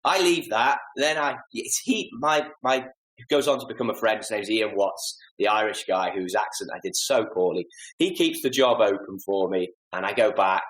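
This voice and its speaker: Man, 40s, low-ish voice, animated self-deprecating storyteller, roomy echo. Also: moderate pace. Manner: animated, self-deprecating anecdotes with lively acted-out asides. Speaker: podcast guest, golf club fitter. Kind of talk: casual storytelling interview.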